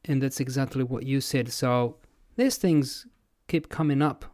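A man hosting a podcast interview, asking curious, measured questions. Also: medium pitch, darkish tone. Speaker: podcast host.

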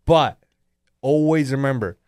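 A man's voice: medium pitch, a little slow, a little mellow, no echo. Teasing profane young man, dry close sound. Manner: teasing, profane, laughs often. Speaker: podcast host. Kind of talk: casual banter.

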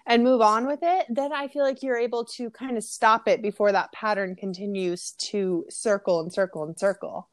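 A woman podcast host, slightly hoarse from losing her voice, chatting casually and telling stories with lots of fillers. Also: mid-range voice, normal speed, hardly any pauses, dry recording. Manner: chatty, animated storytelling with fillers.

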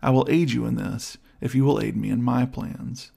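Male reader as a vengeful young noble; measured, persuasive, gravelly edge. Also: medium pitch, fairly even intonation, mellow. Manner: smooth, persuasive, measured arguing. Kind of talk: audiobook character voice.

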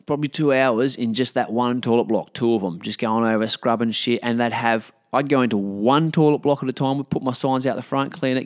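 Blunt, swearing Australian bloke. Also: male voice, medium pitch, no room sound, studio quality. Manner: blunt, profane, rambling. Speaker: storyteller. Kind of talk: casual anecdote.

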